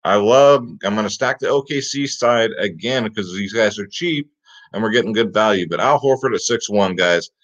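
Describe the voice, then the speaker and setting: A man with a fairly low pitch talks at normal speed while hosting a fantasy sports picks show. His rundown is casual and hyped, peppered with "guys" and "get him in there," and the lo-fi audio is slightly dull.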